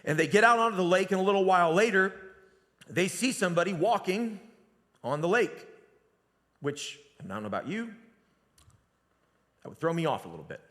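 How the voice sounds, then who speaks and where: A man giving a sermon as pastor, telling the story conversationally and dropping to a hushed voice at times. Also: high-pitched, big pitch swings, a little fast, pauses often. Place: church sanctuary. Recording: long reverb of a church hall.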